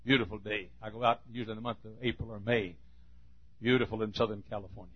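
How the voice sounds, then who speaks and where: A man preaching a sermon, telling a folksy story and building to emphatic, forceful points. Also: on the low side, fairly even intonation, quick pace, breathy edge, dull audio.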